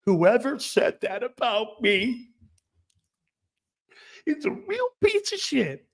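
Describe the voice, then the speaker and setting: Man impersonating a defensive, high-pitched, whining pro athlete for a mocking bit. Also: wildly swooping pitch, slow, vocal fry, exaggerated voice. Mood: whiny indignant. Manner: mocking, whiny, indignant. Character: whiny defensive male star athlete.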